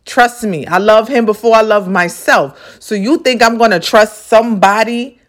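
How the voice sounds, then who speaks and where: A woman with a voice on the high side, speaking at normal speed, hosts a podcast. She delivers a motivational monologue that is emphatic, repetitive, profane and preacherly.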